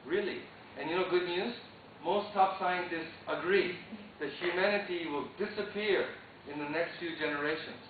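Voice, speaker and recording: A man gives an animated storytelling talk, slipping into quoted voices as he goes. He sounds far from the microphone, with heavy room echo. The recording is thin and phone-like, with a steady hiss underneath. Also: high-pitched, moderate pace, few pauses. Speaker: motivational speaker. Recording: distant, roomy, phone-like lo-fi recording with noise.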